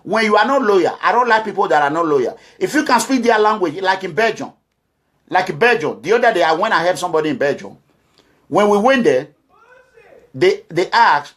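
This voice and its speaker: A middle-aged man from Nigeria, speaking forcefully as a community advocate, urging and lecturing his listeners. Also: sits high, expressive, brisk. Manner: forceful, exhorting, repetitive, quotes others in voices. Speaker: community advocate addressing followers. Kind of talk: impassioned monologue.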